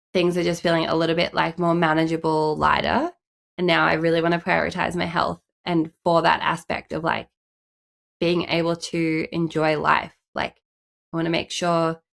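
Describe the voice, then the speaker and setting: Gravelly-voiced woman with a stuffy nose. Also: deep voice. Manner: chatty, frequent "like" fillers. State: stuffy, congested from a cold. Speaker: podcast co-host. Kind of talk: casual podcast chat.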